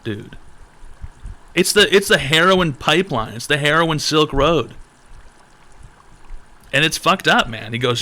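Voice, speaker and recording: A man hosting a live online advice show, riffing in animated, profane banter. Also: fairly high pitch, unhurried, pauses often, a little hiss or hum. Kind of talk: livestream banter.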